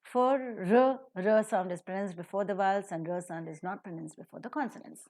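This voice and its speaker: A woman's voice: mid-range voice, a little mellow. Woman teaching pronunciation. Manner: slow, emphatic model sentences for the class. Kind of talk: phonetics lesson.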